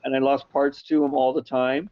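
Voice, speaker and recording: Rambling actor guest, muffled audio. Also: male voice, medium pitch, flat delivery, moderate pace. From Canada. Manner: storytelling, emphatic, rambling. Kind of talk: casual chat.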